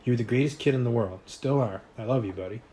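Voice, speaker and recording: A man voicing a warm, hopeful middle-aged father who talks gently and chokes up a little, in an audiobook reading. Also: mid-range voice, fast, a little hiss or hum, natural voice. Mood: tender. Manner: gentle, eager, choking up.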